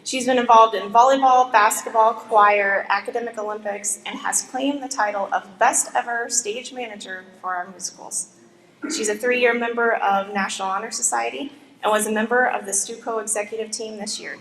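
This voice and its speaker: A woman from the school staff formally introducing a graduating student at a ceremony, in a measured announcing manner. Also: fairly high pitch, steady tone, a bit bright. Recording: roomy hall with faint background noise.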